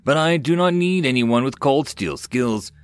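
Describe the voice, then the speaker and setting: A man voicing a calm, confident young male lord who speaks directly. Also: mid-range voice, moderate pace, clear, resonant tone, dry recording, voice pushed up, natural voice.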